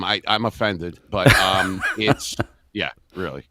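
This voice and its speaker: A middle-aged radio and voice-over man on a video call, talking casually and evenly with frequent pauses. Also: a little hiss or hum. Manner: deep booming voice, speaks monotone with many pauses. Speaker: radio host and voice-over artist. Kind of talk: casual interview talk.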